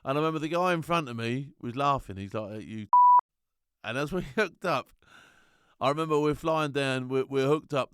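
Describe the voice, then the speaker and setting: A middle-aged man telling animated, slangy stories as a former soldier and laughing often. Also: mid-range voice, smooth, dry recording, studio quality. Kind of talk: casual anecdote.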